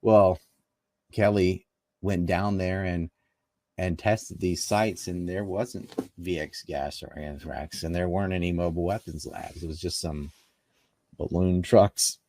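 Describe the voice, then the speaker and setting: A man's voice: low-pitched, steady tone, a little slow, a little mellow. A man from North Carolina, a political commentator in a conversational interview, talking emphatically and firing off rhetorical questions.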